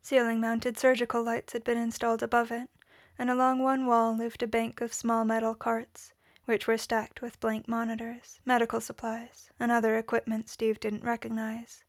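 Woman reading fiction, flat and measured. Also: on the high side, no room sound, clean studio sound. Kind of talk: audiobook-style fiction reading.

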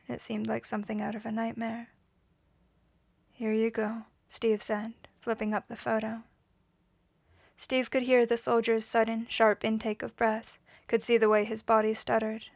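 A woman reading a story aloud in a quiet, measured voice, whispering the dialogue. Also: fairly high pitch, creaky, no room sound. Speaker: reader. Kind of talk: audiobook reading of fan fiction.

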